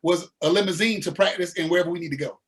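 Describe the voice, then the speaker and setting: A man from the American South, a musician guest telling his story in a laid-back, animated way with slang. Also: high voice, very fast. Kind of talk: casual interview storytelling.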